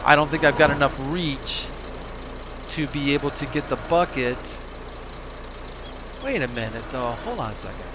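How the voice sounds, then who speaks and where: Here a let's play host with a medium pitch and lively intonation talks at normal speed but takes long pauses. He casually comments on the farming game he's playing, musing and laughing to himself. Tractor and engine sounds from the game fill the background.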